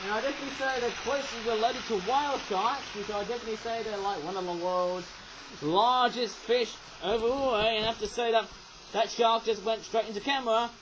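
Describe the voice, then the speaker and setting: Guy with a super high voice rambling thru a toy review, keeps going "eh?", faint noise behind. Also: brisk. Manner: rambling, chatty, tags lines with "eh?"; raising his voice over train noise. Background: toy train running.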